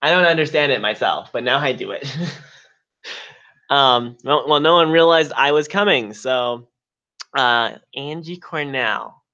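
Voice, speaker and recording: A man's voice: mid-range voice, animated, unhurried, sharp tone, highs cut off. A man co-hosting a live stream, clowning in a mock-dramatic, self-pitying tone. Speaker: co-host. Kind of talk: joking live stream chat.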